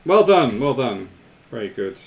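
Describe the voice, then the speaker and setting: A man's voice: mid-range voice, sing-song, measured pace, gravelly, a little mellow, slight background noise. A man hosting a live stream, chatting casually with viewers, laughing often and repeating himself.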